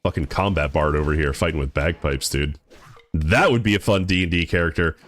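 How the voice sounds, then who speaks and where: A man's voice: a bass voice, a little fast, soft background music. A young man streaming a game, chatting casually with his viewers in a laid-back, rambling way that stumbles and repeats words. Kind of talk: casual live-stream chat while gaming.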